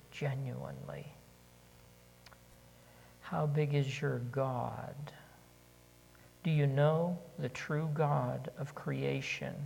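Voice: mid-range voice, vocal fry, a little mellow, slight background noise. A preacher delivering an earnest sermon, repeating key questions for emphasis, in a large church. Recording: long hall reverb.

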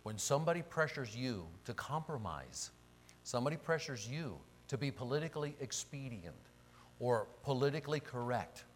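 A man's voice: medium pitch, lively intonation, moderate pace, a little hiss or hum. Guy preaching a bible sermon, voice swings up and down a lot, keeps asking the room questions. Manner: emphatic, rhetorical questions. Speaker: pastor.

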